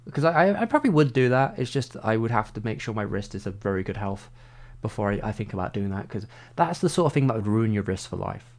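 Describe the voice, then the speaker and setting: A man's voice: fairly low pitch, sing-song, fast. Rambling man streaming. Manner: rambling, heavy use of "like". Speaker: livestreamer. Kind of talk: casual livestream chat.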